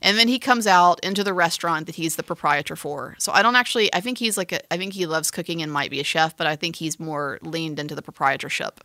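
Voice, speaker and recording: A woman's voice: low-pitched, fast talker, hardly any pauses, sharp tone, no room sound, clean studio sound. A woman co-hosting a podcast, chatty and teasing, rambling through a film plot with restarts. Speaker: podcast co-host describing a film. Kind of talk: casual chat.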